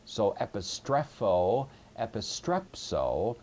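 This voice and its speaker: A man's voice: low-pitched, lively intonation, unhurried, a little mellow, a little hiss or hum. A man teaching a recorded language lesson, explaining patiently and methodically with occasional fillers. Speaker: Greek teacher. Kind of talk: recorded classroom lecture.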